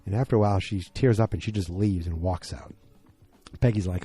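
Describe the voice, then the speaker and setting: A man's voice: low-pitched, a little fast, warm tone, breathy edge. A man hosting a podcast who recaps an episode in a casual, rambling way, with many fillers and restarts. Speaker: podcast host.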